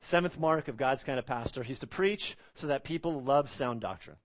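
A man's voice: mid-range voice, normal speed. A man preaching an expository sermon, emphatic, repeating phrases and asking rhetorical questions.

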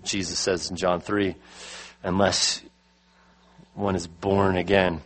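A man's voice: sits low, little pitch movement, poor audio. Emphatic male preacher. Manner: emphatic, slows to stress key words. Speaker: pastor. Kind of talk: sermon.

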